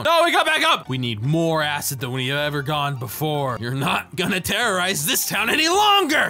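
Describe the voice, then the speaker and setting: A man giving goofy, excitable let's-play commentary, yelling and joking at other players. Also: high-pitched. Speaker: gaming YouTuber.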